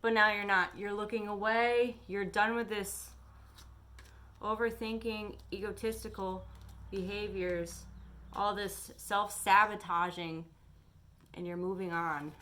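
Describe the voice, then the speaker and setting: A woman's voice: medium pitch, fairly even intonation, unhurried, pushed and bright, a little hiss or hum. A woman tarot reader giving a chatty, encouraging weekly energy forecast to her camera. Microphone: camera on her face.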